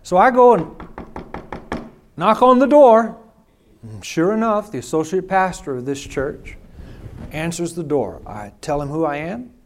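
A man's voice: on the high side, expressive, unhurried, long pauses, a little hiss or hum. A male pastor preaching a sermon, telling a personal story in an emphatic, conversational way.

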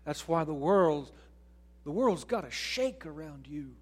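A man preaching a sermon as pastor, swinging from hushed, slow lines to loud, pressing questions. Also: breathy edge. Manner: acts out quoted voices, putting on an excited high voice.

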